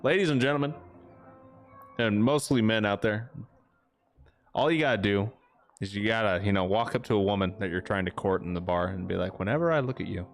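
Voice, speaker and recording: A man's voice: lowish voice, brisk, long pauses, faint music behind. A man hosting a livestream, rambling and joking crudely while he plays. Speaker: livestream host. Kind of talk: casual gaming commentary.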